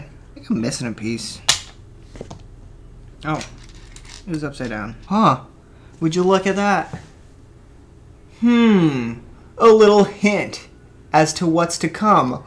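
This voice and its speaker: A young man in his twenties talks to himself into a desk microphone. He rambles, curses, and drops jokey asides, and his voice swoops up and down with animated pitch. Faint noise sits under the recording. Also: creaky. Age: 20s. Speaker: vlogger building a toy kit. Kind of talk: rambling casual monologue.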